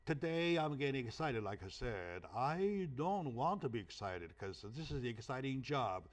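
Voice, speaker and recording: A man's voice: mid-range voice, very animated, normal speed. A man whose first language is Chinese hosting a talk show, emphatic and fond of rhetorical questions with a tag "right?". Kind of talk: animated interview talk.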